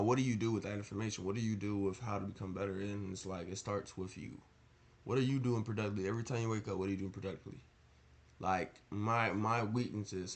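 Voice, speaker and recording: A young man giving casual motivational advice in a rambling, earnest way, often asking rhetorical questions. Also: lowish voice. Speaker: motivational vlogger.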